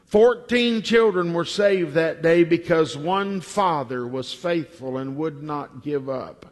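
A man preaching a sermon before communion, telling a story slowly and deliberately, with emphatic repetition. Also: fairly high pitch. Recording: long hall reverb.

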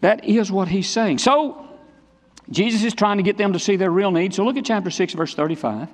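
A man preaches in a high, emphatic voice, driving his points home through repetition. His pitch swings between low, quiet passages and raised ones. The long reverb of a church sanctuary trails after each phrase. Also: a little fast. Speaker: pastor. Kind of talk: sermon.

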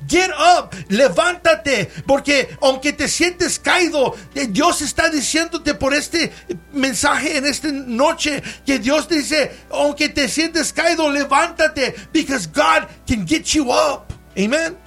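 A man's voice: extremely high pitch, a little slow, gravelly, pushed and bright. A man preaching a bilingual sermon, switching between English and Spanish and calling out for amens from the congregation.

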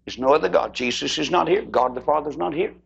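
Preacher, male, gravelly and husky, higher-pitched than most men, impassioned sermon delivery with big pitch swings. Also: quick pace, lo-fi sound. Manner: impassioned, sweeping pitch swings, acts out voices in stories.

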